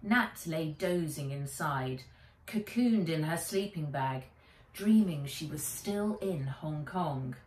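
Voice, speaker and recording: A woman author reading her children's book aloud in an expressive, animated way, recording in a small shed. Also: low voice, takes it slowly. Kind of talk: storybook read-aloud. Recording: echoey room, mic a bit distant.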